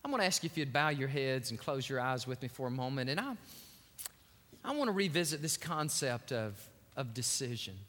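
A man preaching a sermon, telling a story with lively acted-out voices. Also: medium pitch, fairly quick. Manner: animated storytelling, acting out quotes. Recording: long hall reverb.

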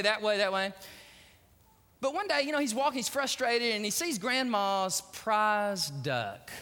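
A male pastor preaching a sermon, an animated storyteller who grows hushed in solemn moments. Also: sits high, big-room sound.

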